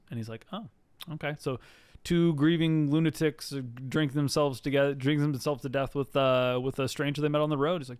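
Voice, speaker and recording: A man's voice: mid-range voice, fairly even intonation, brisk, darkish tone, clear, resonant tone, no room sound. A man co-hosting a podcast, casually recapping a TV episode in a rambling, filler-heavy way and acting out the characters' lines as he goes. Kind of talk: casual chat.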